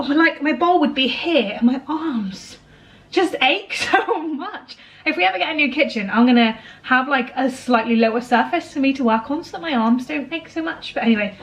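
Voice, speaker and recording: A young woman chats away in a casual kitchen vlog, her voice sitting a little on the higher side. She sounds tired and slightly out of breath, yet stays friendly and self-deprecating, often laughing at herself. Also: low-quality recording. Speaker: vlogger, homemaker.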